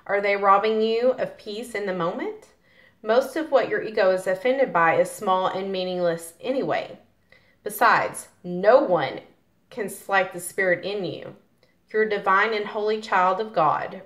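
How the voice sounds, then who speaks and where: A woman's voice: medium pitch, a bit bright. A woman giving a casual tarot reading who chats directly to viewers and reads card passages aloud. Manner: chatty, talks directly to viewers.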